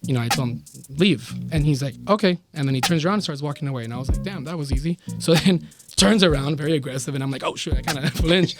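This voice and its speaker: Animated male storyteller with music behind. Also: on the high side, very fast. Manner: animated storyteller acting out quoted dialogue. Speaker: podcast guest. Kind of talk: casual storytelling.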